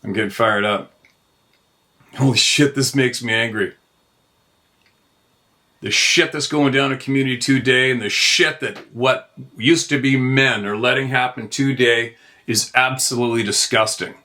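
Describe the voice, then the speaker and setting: A man's voice: medium pitch, normal speed, bright, forceful tone. A middle-aged man hosting his own show, ranting in a heated, profane monologue. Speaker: host. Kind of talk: angry monologue.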